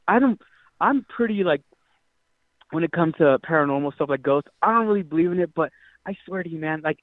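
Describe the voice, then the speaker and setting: A man's voice: sits high, dry recording. A young man calling in from Utah, telling his story in a rambling, casual way with lots of fillers and swearing. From Utah, United States. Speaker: caller. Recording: tinny dry phone line.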